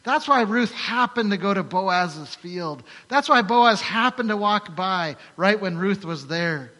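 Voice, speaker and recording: A man's voice: sits high, lively intonation, measured pace, sharp tone, pitched above the performer's own voice, heavily acted. A man voicing the older widow Naomi, overjoyed in heaven as she grasps the plan behind her losses. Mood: amazed, elated. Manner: shrieking with amazed realization. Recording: long hall reverb.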